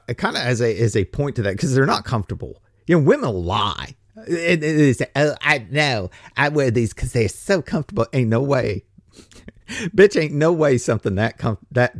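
A man's voice: medium pitch, a little mellow, no room sound, clean studio sound. A man preaching in a casual podcast sermon, rambling with stumbling restarts and sarcasm.

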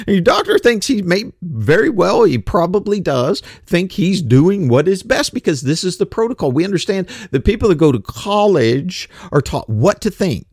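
A man's voice: a little high, no echo, clean studio sound. A middle-aged man giving a rambling, skeptical, blunt casual monologue.

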